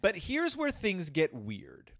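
Dude ranting jokey about a kids book, stumbles and restarts a lot, voice all over the place. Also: male voice, sits high, slow, gravelly, no echo, clean studio sound. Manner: rambling, animated, with many restarts. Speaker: podcast host reviewing a children's book. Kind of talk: comedic commentary.

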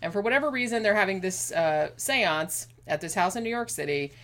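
A woman casually discussing a horror film as a podcast co-host, chatty and animated, laughing often. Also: mid-range voice, fairly quick.

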